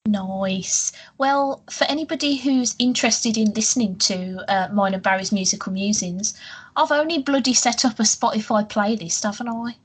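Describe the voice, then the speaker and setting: A woman's voice: on the high side, normal speed, slightly rough. A woman co-hosting a podcast, chatting casually, laughing often and swearing freely. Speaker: podcast co-host. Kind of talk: casual chat.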